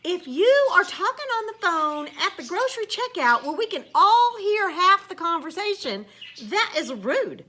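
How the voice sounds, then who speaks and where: A woman's voice: very high voice, big pitch swings, normal speed, pushed and bright, a little hiss or hum. A woman teacher, ranting casually in a blunt, sarcastic way and swearing now and then.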